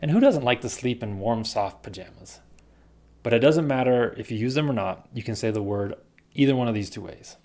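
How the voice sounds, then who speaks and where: A man's voice: medium pitch, brisk, darkish tone. A man teaching English pronunciation, carefully demonstrating pairs of words. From United States. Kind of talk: pronunciation lesson.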